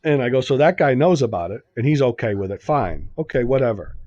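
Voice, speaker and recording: A man's voice: mid-range voice, fast talker, no room sound, dull audio. Man spinning a bewildered anecdote, dry sound. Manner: animated anecdote-telling, acts out dialogue, laughs often. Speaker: podcast co-host telling a story. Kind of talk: casual chat, storytelling.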